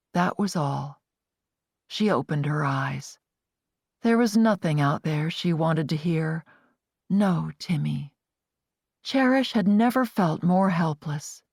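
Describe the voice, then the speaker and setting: A woman narrates an audiobook with expressive, varied intonation. Her pitch moves a lot across each line. The recording is close and dry. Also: dry recording.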